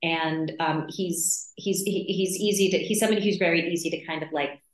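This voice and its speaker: A woman actress chatting in a casual interview, telling animated stories and laughing easily. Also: fairly low pitch, fairly quick, reverberant, poor audio. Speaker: actress guest.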